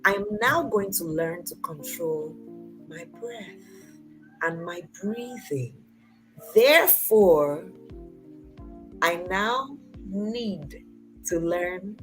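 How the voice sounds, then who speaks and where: Woman, 40s, host of a motivational talk; emphatic then hushed, asks and answers her own questions, mid-pitched. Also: poor audio. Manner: engaging, asks the audience questions and answers them herself; swings between loud emphatic bursts and soft near-whispers. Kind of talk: motivational talk to a live online audience.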